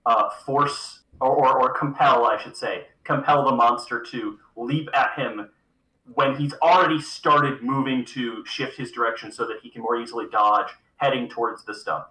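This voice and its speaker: A man talks casually at a tabletop game, working through his plans with lots of pauses and restarts. His voice is very bright and sharp. The room around him adds a clear echo. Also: medium pitch, fairly even intonation. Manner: hesitant, full of restarts while planning moves.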